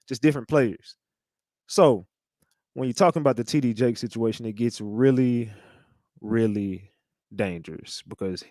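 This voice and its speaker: A man's voice: mid-range voice, a little mellow, no room sound, clean studio sound. A man hosting a casual livestream, talking straight to his chat in a slangy, conspiratorial way. He often repeats himself and restarts. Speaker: livestream host.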